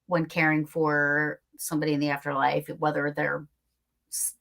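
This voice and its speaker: A woman's voice: deep voice, little pitch movement, moderate pace, vocal fry, a bit bright. A woman hosting an interview, chatting casually with many fillers and restarts. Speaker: podcast host.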